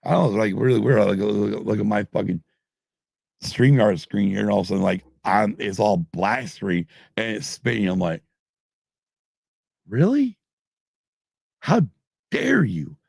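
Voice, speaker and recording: Casual: husky middle-aged dude hosting a podcast, rambling and cursing, few drinks in. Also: male voice, fairly low pitch, fairly even intonation, moderate pace, a little mellow, dry recording, clean studio sound. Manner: rambling, profane, swears constantly. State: drinking, tipsy. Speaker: podcast host. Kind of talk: casual live-stream chat.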